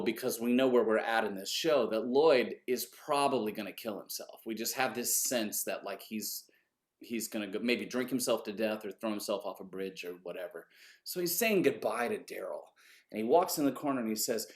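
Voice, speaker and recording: A man, an orchestra conductor, telling a story in an animated, conversational way and swearing casually. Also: medium pitch, brisk.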